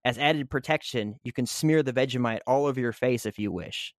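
A man's voice: medium pitch, brisk, dry recording, clean studio sound. A man hosting a casual podcast who reads a written segment aloud and then riffs on it loosely, with lots of "you know" fillers. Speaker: podcast host.

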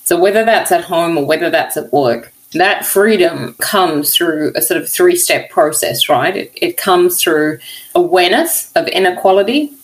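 A woman's voice: on the low side, moderate pace, poor audio. A woman researcher as an interview guest, telling her story earnestly and with feeling, with many casual fillers. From not from America. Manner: earnest, heartfelt, many "you know" fillers. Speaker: guest, workplace equality researcher.

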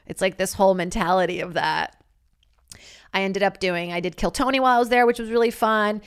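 A woman in her thirties, a comic and podcast host, telling stories in a brash, animated way and acting out voices. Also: mid-range voice, brisk, clear, resonant tone. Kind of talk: casual storytelling monologue.

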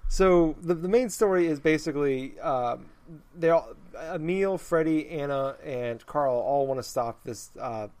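A man's voice: fairly high pitch, measured pace, darkish tone. A man hosting a casual chat, rambling through an explanation with lots of false starts and restarts.

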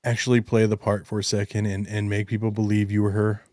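A man interviewing a guest, encouraging and quick to react with short affirmations. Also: fairly low pitch, completely flat delivery, dark tone, no echo, clean studio sound. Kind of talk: conversational interview.

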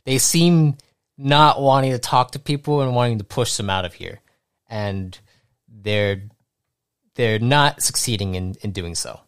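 A man running a tabletop game as game master, narrating in a halting way with many restarts. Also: mid-range voice, smooth, no echo, clean studio sound. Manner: halting, restarts often, laughs easily.

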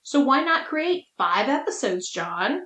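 A woman's voice: high-pitched, sing-song, measured pace, fairly bright tone, reverberant, poor audio. A woman co-hosting a podcast in casual chat, playful and teasing, laughing often. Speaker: podcast co-host.

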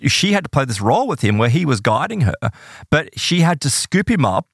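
A man in relaxed conversation, recounting a case with lively, swooping intonation. He jumps into the voices of the people he quotes. The sound is dry and close. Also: brisk, vocal fry, dry recording. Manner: animated, acts out quoted voices with big pitch jumps. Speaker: podcast guest telling case stories. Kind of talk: casual storytelling conversation.

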